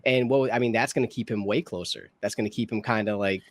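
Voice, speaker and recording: A man's voice: fairly low pitch, steady tone, fast, over a noisy crowd. A man co-hosting a reaction show, talking casually and thinking aloud with lots of hedges and restarts. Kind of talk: casual discussion.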